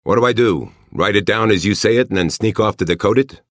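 A man's voice: lowish voice, fairly bright tone, no echo, studio quality, pitched above the performer's own voice. A man doing a wooden, weary Mars colonist. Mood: wooden awkward. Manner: wooden, halting.

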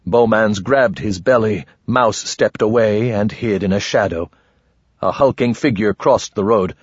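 A man narrating an audiobook in a measured, even storytelling manner. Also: lowish voice, breathy edge, no echo. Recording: muffled dry lo-fi.

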